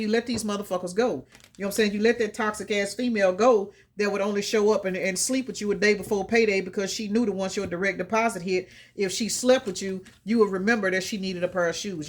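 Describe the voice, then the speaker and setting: Woman tarot reader, mid-range voice, blunt and profane, preaching encouragement at y'all. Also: medium pitch. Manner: blunt, profane and emphatic, addressing viewers as y'all; preachy, encouraging pep talk. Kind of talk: tarot energy reading to viewers.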